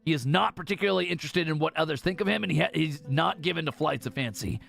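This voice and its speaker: A man streaming a game in casual commentary, reading game text aloud with excited asides. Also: fairly high pitch, quick pace, vocal fry.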